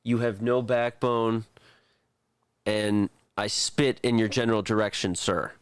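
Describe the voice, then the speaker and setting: A man's voice: on the low side, fairly even intonation, unhurried, smooth, dry recording, close to an everyday voice. A man voicing a brash male pirate captain and former raider with a blunt, insulting manner. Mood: scornful.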